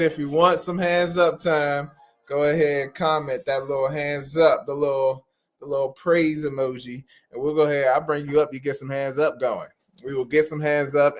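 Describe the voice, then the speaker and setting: A man hosting a livestream for sign language interpreters, talking casually and informally to viewers, often repeating phrases for emphasis. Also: mid-range voice. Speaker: host of an interpreting practice livestream.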